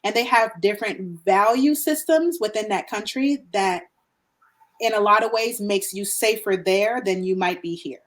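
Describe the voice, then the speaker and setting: A woman's voice: medium pitch, moderate pace. A woman talking on a podcast in an earnest, explaining way, often restarting her sentences. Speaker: podcast guest or co-host. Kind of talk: conversational podcast talk.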